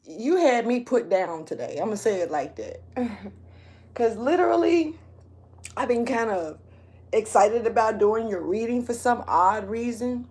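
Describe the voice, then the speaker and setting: A woman's voice: on the high side, expressive, unhurried, darkish tone. A woman giving a casual monthly astrology reading as a tarot reader, laid-back and rambling, laughing often.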